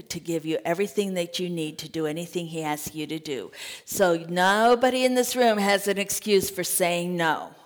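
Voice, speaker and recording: Slow-speaking woman teaching the Bible. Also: medium pitch. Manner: animated, acts out scripture quotes and conversations. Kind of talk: sermon-style Bible teaching. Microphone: podcast mic.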